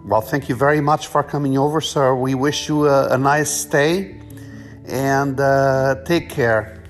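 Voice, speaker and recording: A man hosting a mock street-interview comedy sketch, talking in a loose, halting way. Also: mid-range voice, fairly even intonation, soft background music. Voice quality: loose, halting, full of fillers.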